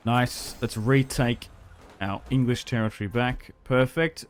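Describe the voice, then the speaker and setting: A man's voice: medium pitch, steady tone, a little slow. Chatty man commentating a strategy game. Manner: upbeat, chatty, laughs often. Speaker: gaming YouTuber.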